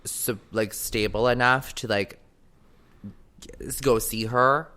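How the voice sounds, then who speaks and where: Bright, crisp-voiced excitable male podcast host. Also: medium pitch, slow pace. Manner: excited rambling storytelling, heavy use of "like". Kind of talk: casual chat.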